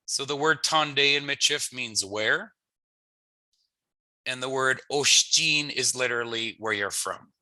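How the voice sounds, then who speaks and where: A man teaching an online language lesson, slowly and patiently repeating phrases for his learners, with friendly joking asides. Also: mid-range voice, sharp tone, dry recording, rough recording. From Canada.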